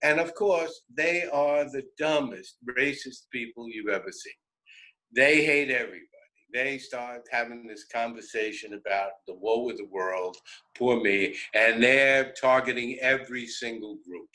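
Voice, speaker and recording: A man telling a road story on a radio show, animated and self-interrupting, often laughing. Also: medium pitch, a little slow, rough recording. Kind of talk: casual storytelling.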